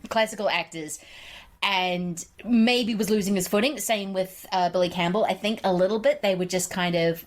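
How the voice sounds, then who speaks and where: A woman in her forties hosting a podcast, chatting casually and enthusiastically about films with frequent laughs. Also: mid-range voice. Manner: enthusiastic, opinionated, laughs often. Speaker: podcast host. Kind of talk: casual film chat.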